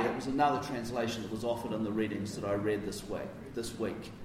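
A man's voice: fairly low pitch, fairly even intonation, fast, few pauses, slight background noise. Conversational man preaching in an echoey church. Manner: conversational, emphatic asides. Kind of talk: sermon. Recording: roomy echo from a distance.

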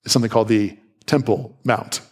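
A man preaches with conversational animation, weaving playful asides into the sermon. When he gives voice to reactions, his pitch springs up fast.

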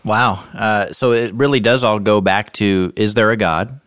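Male podcast host, very deep smooth voice, dry close recording, thoughtful questions. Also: fairly even intonation, unhurried, fairly bright tone, no room sound. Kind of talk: casual interview.

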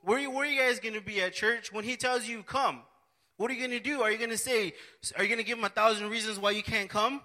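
Earnest high-voiced man preaching. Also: pushed and bright. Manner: repetitive, earnest, halting restarts. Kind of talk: sermon.

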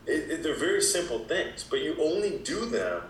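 A man talking as a wellness expert guest in a casual interview, with a relaxed, explaining manner full of "you know" fillers. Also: fairly high pitch, normal speed, a little hiss or hum. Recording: echoey room.

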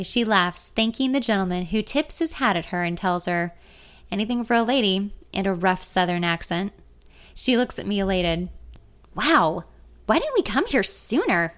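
A woman's voice: mid-range voice, a bit bright, clean tone. Woman narrator for a first-person audiobook; conversational, reflective delivery in a mid-range voice.

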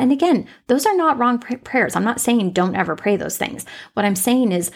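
Woman, faith podcast host, gravelly, breathy, casual off-the-cuff monologue. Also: a little high, animated, moderate pace, hardly any pauses. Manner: off-the-cuff, conversational, emphatic repetition.

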